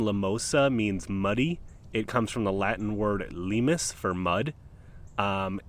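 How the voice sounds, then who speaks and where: A man's voice: on the low side, slight background noise. Laid-back man rambling outdoors by the water. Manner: laid-back, rambling, frequent ums and uhs. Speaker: podcast host. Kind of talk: casual solo nature podcast. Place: outdoors by a calm waterside in a park.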